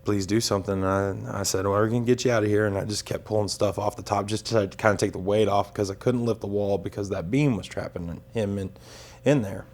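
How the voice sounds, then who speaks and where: A man recounting a tornado rescue as documentary testimony, halting and full of restarts. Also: on the low side, steady tone, a little mellow.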